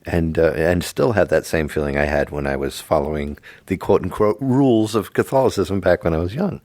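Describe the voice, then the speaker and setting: Deep-voiced middle-aged man, dry sound. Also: fairly quick, no room sound. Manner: jokey, rambling, repeats words, breaks into loud impressions. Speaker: podcast co-host. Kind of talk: casual religious podcast chat.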